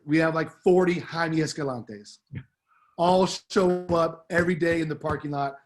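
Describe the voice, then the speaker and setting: A middle-aged man, a departing assistant principal, giving an upbeat, heartfelt farewell speech on the school announcements, slangy and full of fillers. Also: on the high side.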